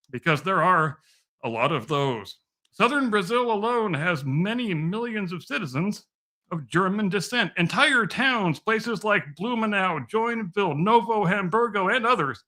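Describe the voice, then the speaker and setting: Sarcastic guy reading his own podcast script, dry and mock patient, kinda high voice. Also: bright, forceful tone. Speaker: podcast host. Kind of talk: scripted sardonic monologue.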